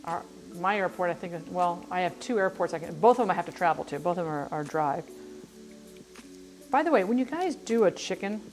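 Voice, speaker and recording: Cooking on a livestream, this middle-aged woman rambles through casual chat and makes self-deprecating remarks. She speaks fairly quickly in an expressive, lowish voice over soft background music.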